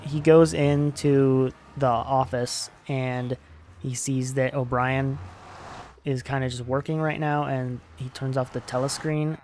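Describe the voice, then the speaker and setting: A man's voice: medium pitch, takes it slowly, a little hiss or hum. A young man hosting a gaming channel, rambling casually with lots of fillers as he plays and sums up a book. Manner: rambling, relaxed, many "like" fillers. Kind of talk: casual gameplay commentary and book summary.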